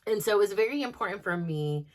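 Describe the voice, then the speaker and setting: A woman in her forties hosting a podcast, telling a personal story in a casual, animated way, laughing often and restarting her sentences. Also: medium pitch, quick pace. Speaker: podcast host.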